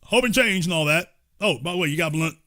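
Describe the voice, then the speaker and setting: A man impersonating a smooth politician who coaxes with slow, halting pauses. The tone is bright and the delivery is animated. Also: a little high. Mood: coaxing. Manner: measured, coaxing, hesitant. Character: impression of a smooth, persuasive male politician.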